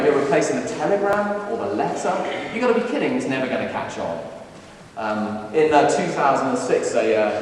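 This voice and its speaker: Guy giving a lively student talk, jokey, acts out quotes, big echoey hall, mic kinda far off. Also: medium pitch, a little hiss or hum. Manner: animated, acts out quotes with playful humor. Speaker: speaker at a student Christian lunchtime talk. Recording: echoey hall, recorded from a distance.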